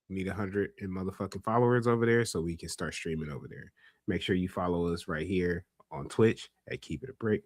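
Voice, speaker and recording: Animated, swearing podcast host. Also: male voice, on the low side, no room sound, clean studio sound. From Los Angeles area. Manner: animated, profane, repeats himself when worked up. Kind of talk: casual podcast banter.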